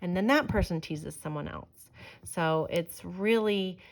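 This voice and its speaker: Gentle woman reading a picture book aloud. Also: lowish voice, unhurried, gravelly. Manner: gentle, expressive storytelling. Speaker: storybook reader. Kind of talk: children's read-aloud narration.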